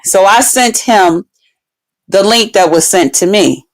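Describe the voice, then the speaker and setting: A woman, telling a story in a casual vlog, animated and swearing, acting out quotes with big swings in her voice. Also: mid-range voice, takes it slowly. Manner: swears freely, talks straight to her viewers.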